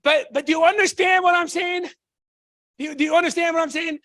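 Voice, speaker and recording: A middle-aged man from Tonga giving a motivational sales talk, excitable, shouting in bursts and repeating rhetorical questions. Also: extremely high pitch, brisk. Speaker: business opportunity presenter.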